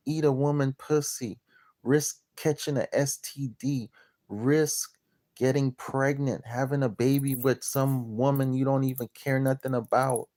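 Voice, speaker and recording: Guy lecturing his viewers real slow, crude and blunt, keeps repeating himself. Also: mid-range voice, warm tone. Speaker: land and property seller. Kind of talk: profane motivational rant to camera.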